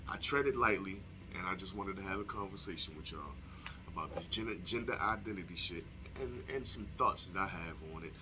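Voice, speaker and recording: A young male vlogger with a low voice talks briskly to camera, background noise behind him. He delivers a heated, profane opinion monologue to his viewers, firing off rhetorical questions in a casual way.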